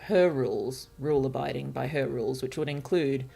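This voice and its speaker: Low, gravelly woman musing aloud. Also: moderate pace, soft background music. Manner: musing, hesitant, with frequent fillers and soft laughs. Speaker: virtual author streamer. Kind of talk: casual thinking-aloud livestream while writing.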